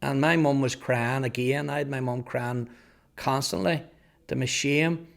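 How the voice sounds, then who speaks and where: A man in his fifties with a Northern Irish accent, earnestly telling his life testimony, halting at times over repeated words. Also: mid-range voice, fairly even intonation, vocal fry. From Northern Ireland. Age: 50s. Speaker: testimony speaker. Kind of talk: personal testimony storytelling.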